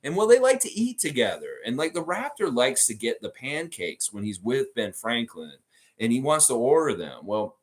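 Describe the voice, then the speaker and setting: A man hosting a live basketball stream, chatting with viewers and telling an improvised story, slipping into quick character voices. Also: medium pitch, sing-song. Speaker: sports podcast host.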